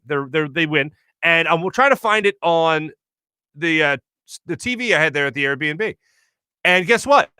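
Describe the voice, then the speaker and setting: A man hosting his radio show, telling a story in a chatty, animated way full of fillers, recorded on a studio mic. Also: a little high, dry recording. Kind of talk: casual solo monologue.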